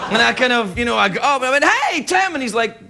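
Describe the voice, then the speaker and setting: A middle-aged man hosting a late-night talk show, telling comic stories in an animated way and slipping into other people's voices. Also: very high voice, very fast, creaky. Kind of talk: late-night comedy monologue. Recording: studio audience laughter and loud noise behind.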